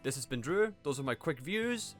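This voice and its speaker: A man's voice: a little high, moderate pace. A man giving a casual, sarcastic video review, exasperated and mocking, with faint music behind. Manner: animated, sarcastic, exasperated, mocking quoted voices. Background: faint background music.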